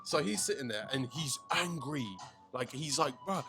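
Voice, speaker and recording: A young man, telling an animated story to his friends. His voice sits a little high for a man, and he swears freely and throws in slang. Music plays clearly in the background of the lounge. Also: moderate pace. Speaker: podcast co-host telling a story. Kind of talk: casual storytelling chat. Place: shisha lounge. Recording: music playing behind.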